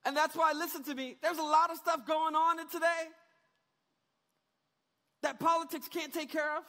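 Man preaching a sermon, very high voice, bright tone, casual slang, shouted peaks. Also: little pitch movement, normal speed. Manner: retells scripture in casual slang, rises to shouting. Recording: reverberant hall.

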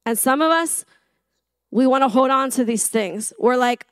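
Woman preaching, high voice, chatty and self-deprecating, dry close sound. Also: normal speed, clear, resonant tone, no echo. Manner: chatty, self-deprecating, asks the room questions. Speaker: English teacher giving a church message. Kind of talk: conversational sermon.

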